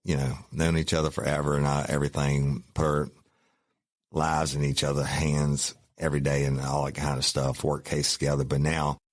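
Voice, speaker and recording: A man's voice: very deep voice, monotone, normal speed, no echo, studio quality. A middle-aged man, a former cop hosting a podcast, telling a profane, folksy story and calling listeners y'all. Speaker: podcast host, former police officer. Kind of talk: casual storytelling.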